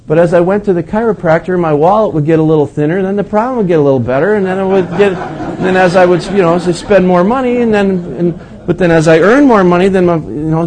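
A man's voice: medium pitch, dark tone, husky. A male pastor preaching a sermon in a storytelling way, acting out the quotes and chuckling often.

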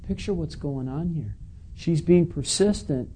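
A man's voice: on the high side, measured pace, mellow, a little hiss or hum, low-quality recording. A man preaching a conversational sermon, reading scripture and adding casual asides to his listeners. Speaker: pastor. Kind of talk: sermon teaching.

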